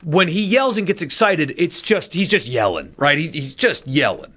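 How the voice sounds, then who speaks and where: A man co-hosting a casual sports talk radio show, with a lively, animated delivery. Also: on the high side, moderate pace. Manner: animated, lively inflection, runs winner and loser segment.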